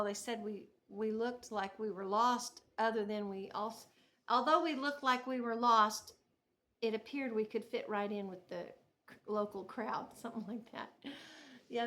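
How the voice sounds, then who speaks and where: Woman, middle-aged, knitting vlogger, casual storytelling, chatty, laughing, bright voice, slightly high. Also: normal speed. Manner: chatty, laughs often, restarts sentences.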